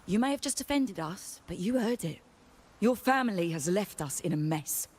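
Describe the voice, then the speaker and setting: A woman's voice: medium pitch, animated, normal speed, a little mellow, husky. An actress playing a stern, composed woman official in a video game, speaking in a clipped, businesslike way.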